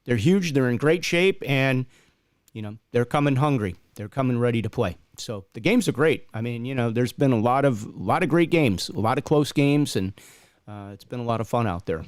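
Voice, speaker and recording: A man's voice: mid-range voice, lively intonation, moderate pace, dry recording, clean studio sound. A man co-hosting a casual referee talk stream, chatty and plugging the channel. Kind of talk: casual live-stream chat.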